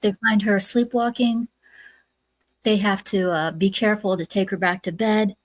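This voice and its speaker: A woman's voice: mid-range voice, fairly even intonation, normal speed, no room sound. A woman hosting a casual movie review podcast, retelling scenes step by step with lots of "uh"s. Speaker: podcast host.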